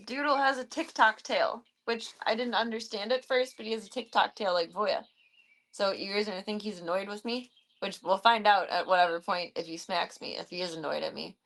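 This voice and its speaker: Chatty young woman streamer, gravelly edge. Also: a little fast, fairly bright tone. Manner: chatty, giggly, talks in a high sing-song baby voice to her cats. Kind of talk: casual live-stream chat with viewers and pets. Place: home stream room. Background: bird sounds and fan noise.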